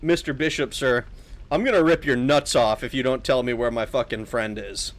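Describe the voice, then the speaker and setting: A man's voice: mid-range voice, normal speed, natural voice. A man voicing a brash, hot-tempered young male hero from a video game, pushy and demanding.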